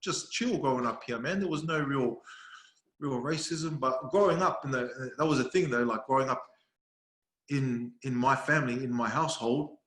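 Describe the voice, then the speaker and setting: A man's voice: mid-range voice, normal speed, reverberant. A man with an Australian accent, a podcast guest chatting casually and telling stories with laughs. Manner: laughing, storytelling, quotes others in animated voices. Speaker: podcast guest, video creator. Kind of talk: casual chat.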